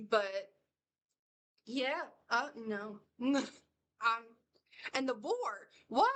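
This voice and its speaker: Woman, bright voice, rambling, laughs a lot, casual reaction chat. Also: high-pitched, slight background noise. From United States. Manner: rambling, animated, laughs often. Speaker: reaction vlogger.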